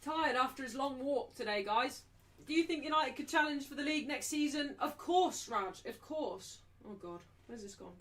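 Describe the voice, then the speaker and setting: A woman hosting a live match watchalong, chatting casually and slipping into high baby talk with her dog. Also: animated, normal speed, a bit bright. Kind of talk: casual live commentary and chat. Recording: voice a little distant from the mic.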